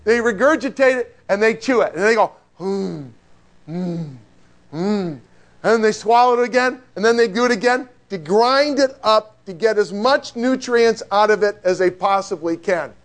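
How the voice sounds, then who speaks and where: High-voiced animated male preacher. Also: moderate pace. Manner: animated, conversational preaching with rhetorical questions. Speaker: pastor. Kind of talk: sermon.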